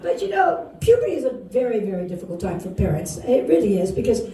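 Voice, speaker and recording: A woman's voice: mid-range voice, sing-song, quick pace, dark tone. A woman in her sixties from Wisconsin performing a stand-up comedy set, self-mocking and laughing through her lines. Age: 60s. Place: bar comedy stage. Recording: roomy bar sound from far off, crowd laughter. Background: audience laughing.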